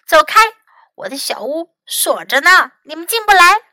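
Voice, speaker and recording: A woman's voice: high-pitched, slow, sharp tone, no echo, exaggerated voice. A woman voicing a cross, reclusive male rat who snaps out short questions from behind a locked door. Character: grumpy reclusive male rat, hidden indoors.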